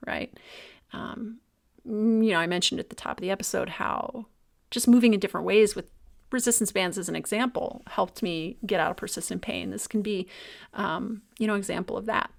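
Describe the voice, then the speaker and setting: A woman hosting a solo podcast, talking in a thoughtful, reflective way and at times dropping to a soft near-whisper. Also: medium pitch, vocal fry. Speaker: podcast host.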